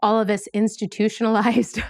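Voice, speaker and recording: A woman's voice: medium pitch, a little fast. Chatty woman podcast host. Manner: chatty, filler-heavy with lots of "like", animated asides. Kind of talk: casual conversational interview.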